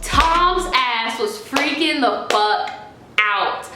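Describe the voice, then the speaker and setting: A young woman from New York telling a story in an animated, chatty, profane way. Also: high-pitched, very slow. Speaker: vlogger. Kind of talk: casual storytime. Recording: roomy echo with faint music.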